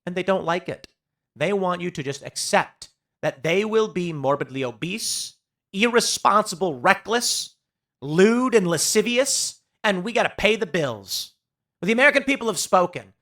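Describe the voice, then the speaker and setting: A man's voice: high voice, very animated, unhurried, bright, forceful tone. A man hosting a political commentary show, delivering a sarcastic opinion monologue that mocks quoted critics. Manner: sarcastic, mocking, with quoted voices.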